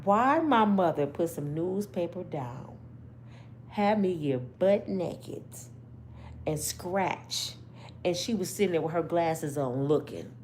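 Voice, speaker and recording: A woman's voice: on the low side, lively intonation, slow pace, a little mellow, a little hiss or hum. A woman host giving brash, profane storytelling commentary, laughing often.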